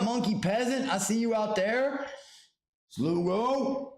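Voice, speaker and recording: Loud excitable streamer man. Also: high voice, takes it slowly. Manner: loud, excitable, swearing, talks to his pet monkey and chat. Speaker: livestream host. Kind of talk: casual livestream chat. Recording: roomy echo, faint background noise.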